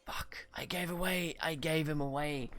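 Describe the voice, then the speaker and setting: A man's voice: a little high, fairly even intonation, normal speed, fairly bright tone. A man from Germany hosting a let's play, muttering to himself in exasperation, swearing and mocking his own mistakes. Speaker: gaming video host.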